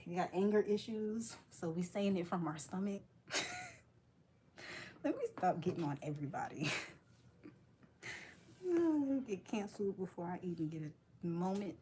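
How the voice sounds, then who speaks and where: A woman's voice: on the low side, wildly swooping pitch, unhurried, long pauses, warm tone, a little hiss or hum. A woman vlogging in casual chat while she works, playful and joking, laughing often.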